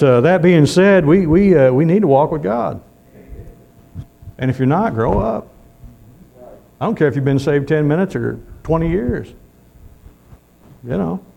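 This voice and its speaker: A man's voice: fairly high pitch, creaky, mellow. A man preaching a sermon in a folksy way, calling out amen often.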